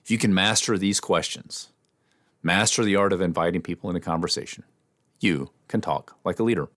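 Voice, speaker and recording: A man hosting an instructional podcast, explaining in a measured way with small restarts. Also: low-pitched, a bit bright, no echo, clean studio sound. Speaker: podcast host and communication trainer.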